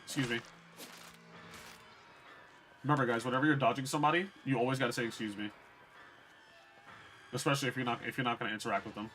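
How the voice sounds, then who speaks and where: Bright-voiced young man streaming a game. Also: mid-range voice, steady tone, fast, long pauses, a little hiss or hum. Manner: blunt, profane, chatting with viewers. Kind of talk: casual gameplay commentary.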